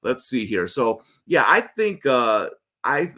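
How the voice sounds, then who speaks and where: A man's voice: mid-range voice, big pitch swings, slow, bright, forceful tone. A man hosting a sports betting livestream, chatting casually over a video call and rambling with frequent restarts. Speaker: sports betting show host.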